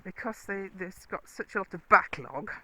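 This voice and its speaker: A woman's voice: mid-range voice, lively intonation, normal speed, pushed and bright, a little hiss or hum, poor audio. A woman riding her horse on a bridleway, chatting casually and coaxing the horse with praise. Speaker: horse rider and vlogger. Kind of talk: casual talk while riding.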